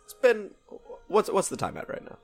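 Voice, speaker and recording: A man's voice: high-pitched, wildly swooping pitch, normal speed, creaky, a little mellow, faint music behind. A man appearing as a guest on a podcast, chatting in a friendly, easygoing way and laughing often. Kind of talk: casual chat.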